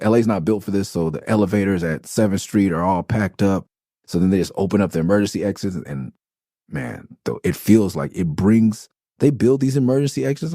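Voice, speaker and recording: A middle-aged podcast host from Los Angeles rambles through a story in a very low, gravelly voice, swearing freely and restarting his sentences. His tone is dark and mellow, recorded close and dry with no room sound. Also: dry recording. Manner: loose, profane, rambling with restarts. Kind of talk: casual storytelling monologue.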